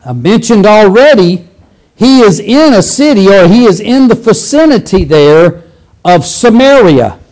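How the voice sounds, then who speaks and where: Animated, high-voiced male preacher. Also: unhurried, low-quality recording. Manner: animated, conversational, acts out scenes, frequent restarts. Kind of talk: sermon.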